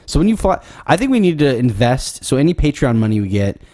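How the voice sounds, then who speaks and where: A man's voice: medium pitch, sing-song, fast, darkish tone, no echo. A man co-hosting a casual podcast chat, easygoing and hesitant, with lots of fillers. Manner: laid-back, hesitant with many fillers. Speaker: podcast co-host and musician. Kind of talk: casual chat between friends.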